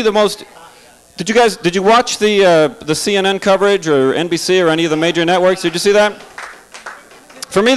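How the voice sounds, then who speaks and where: A man's voice: high-pitched, smooth, poor audio. A man doing a stand-up comedy set in a club, sarcastic and chatty, asking the crowd questions.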